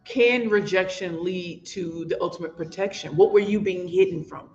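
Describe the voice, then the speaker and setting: A woman's voice: fairly low pitch, moderate pace, darkish tone. A woman author from St. Louis with a St. Louis accent, hosting a motivational livestream in an impassioned, preachy way and calling her viewers y'all. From St. Louis, USA. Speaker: author and host. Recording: echoey, dull lo-fi room sound.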